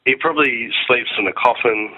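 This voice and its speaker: A man co-hosting a comedy podcast in a mid-pitched voice. He drops dry, offhand quips in an easy tone. The sound is dull and lo-fi. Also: brisk. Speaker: podcast co-host. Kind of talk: casual comedy chat. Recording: dull lo-fi line.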